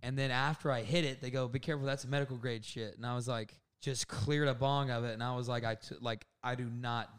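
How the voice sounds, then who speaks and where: This twenty-something podcast co-host has a mid-range voice and a clean tone, moving along fairly quickly without many pauses. He tells a story in relaxed chat, full of laughter, animatedly voicing what others said.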